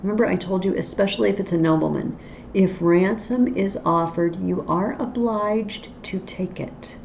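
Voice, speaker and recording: A woman's voice: medium pitch, normal speed, gravelly, darkish tone. A woman teacher explaining a play in a literature tutorial, with wry asides, on a dull, faintly noisy recording.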